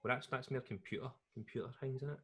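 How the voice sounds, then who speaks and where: A man's voice: medium pitch, fairly even intonation, quick pace, a bit bright. A young Scottish man co-hosting a podcast in casual chat, rambling and laughing as he talks. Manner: rambling, restarts and trails off, laughs often. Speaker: podcast co-host.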